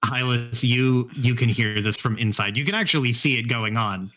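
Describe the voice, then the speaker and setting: A man's voice: mid-range voice, normal speed, a bit bright. A man running a tabletop horror game as game master, describing scenes in a rambling, filler-heavy way. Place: live stream.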